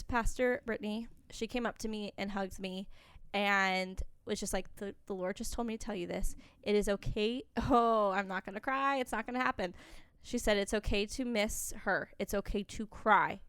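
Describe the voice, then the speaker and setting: Young woman, podcast co-host, casual and candid, rambling, smooth clear voice, dry close sound. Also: medium pitch, steady tone, normal speed, fairly bright tone, dry recording. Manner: candid, rambling, with frequent laughs. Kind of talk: casual chat.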